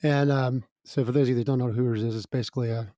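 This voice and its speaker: A man's voice: medium pitch, steady tone, very fast, mellow, dry recording. Chatty man with a dry, close sound. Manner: chatty, laughs between lines, many fillers. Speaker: musical guest. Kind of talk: casual storytelling interview.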